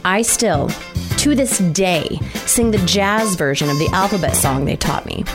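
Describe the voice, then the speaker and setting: A woman host narrates a scripted introduction in a heartfelt, nostalgic way. Loud music plays under her voice throughout. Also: lowish voice, animated, a little slow.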